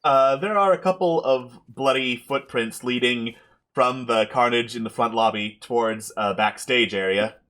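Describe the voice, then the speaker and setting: A man narrating as game master of a tabletop game, relaxed with frequent fillers. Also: mid-range voice, measured pace.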